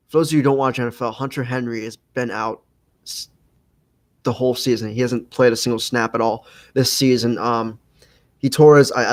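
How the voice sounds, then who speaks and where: A man's voice: mid-range voice, rough recording. A young man hosting a casual livestream podcast, rambling with lots of fillers and restarts. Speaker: podcast host.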